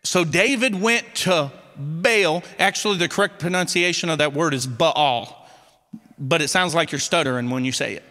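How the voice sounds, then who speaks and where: A pastor preaching a sermon in a folksy, animated way, with a Southern Missouri accent. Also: male voice, fairly high pitch, a little fast. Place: church sanctuary. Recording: long church hall reverb.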